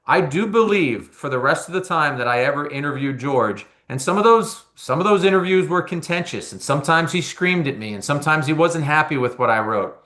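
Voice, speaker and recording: Bright-voiced storytelling man from New Jersey. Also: on the high side, fairly quick, hardly any pauses. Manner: animated anecdote-telling with frequent repeated words. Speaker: baseball analyst and former reporter. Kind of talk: conversational storytelling in an interview.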